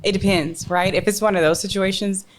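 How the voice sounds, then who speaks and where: A woman co-hosting a podcast in casual chat, telling rambling stories full of fillers and dropping soft when reflective. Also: medium pitch, fairly even intonation, a little fast. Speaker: podcast co-host.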